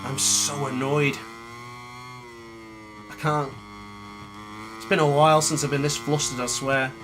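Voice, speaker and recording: A man's voice: mid-range voice, a little slow. A man giving live commentary on a racing game, muttering and scolding himself often. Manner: frustrated, muttering, self-critical. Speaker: gaming YouTuber. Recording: game engine noise behind voice. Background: motorbike game sounds.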